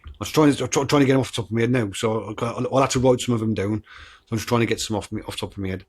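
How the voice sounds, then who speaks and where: A man's voice: medium pitch, very fast. A man with a Black Country accent, chatting casually as a podcast host, rambling and swearing freely. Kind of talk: casual chat.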